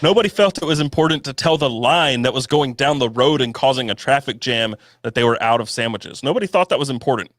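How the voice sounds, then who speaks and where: A man's voice: medium pitch, lively intonation, fast, hardly any pauses, a bit bright, dry recording, studio quality. A man co-hosting a podcast in casual chat, telling blunt, wry stories with plenty of swearing. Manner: blunt, wry, profane anecdotes. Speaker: podcast co-host.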